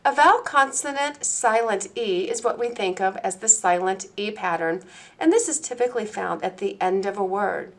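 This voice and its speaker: A woman presenting a recorded teacher-training lecture on phonics, explaining each point slowly and deliberately, step by step. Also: mid-range voice, expressive, fairly bright tone.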